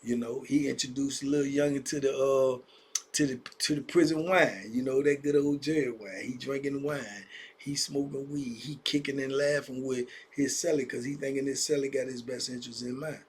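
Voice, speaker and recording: A man's voice: mid-range voice, fairly even intonation, normal speed, a little hiss or hum. A man telling prison stories in a casual, conversational way, speaking directly to young listeners. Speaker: storyteller. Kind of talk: casual storytelling vlog.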